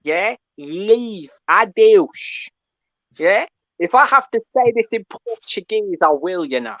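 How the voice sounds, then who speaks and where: A man's voice: high voice, expressive, slow, a bit bright, no echo, dull audio. A man calling in to a fan show, ranting and tagging his points with "yeah?". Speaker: caller. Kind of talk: call-in fan rant.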